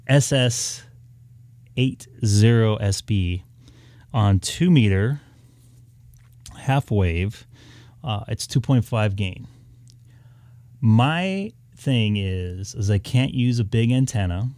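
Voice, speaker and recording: A man's voice: lowish voice, mellow, no echo. A man from southern California streaming live about ham radio, rambling and thinking aloud with lots of fillers as he browses. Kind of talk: casual live-stream chat. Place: home room upstairs.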